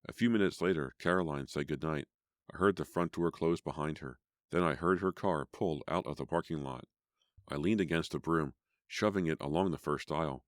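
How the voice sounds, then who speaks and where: A man narrating a teen horror audiobook in a measured, even storytelling voice. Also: rumbling low, dry recording, studio quality. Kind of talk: scripted narration.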